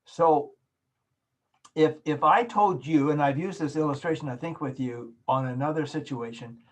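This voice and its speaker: A man lecturing a class over a video call, his voice a touch husky and sitting a little high for a man. He explains patiently, leaning on everyday examples to make each point land. The sound has the plain quality of a call microphone. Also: moderate pace, low-quality recording. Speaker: course instructor.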